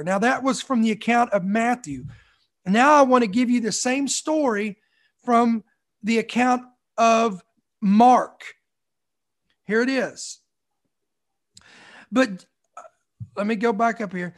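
A man's voice: high-pitched, a little slow. A man preaching a sermon, reading scripture aloud and stopping to repeat and stress key lines.

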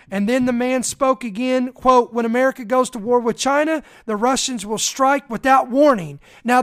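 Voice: mid-range voice, a bit bright. A preacher in an emphatic, preaching-style talk who reads accounts aloud and breaks off with direct asides to listeners.

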